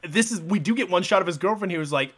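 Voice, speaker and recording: A man's voice: high-pitched, fast talker, a bit bright. A man co-hosting a podcast, casually recapping a movie plot, laid-back, swearing freely and laughing often. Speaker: podcast co-host.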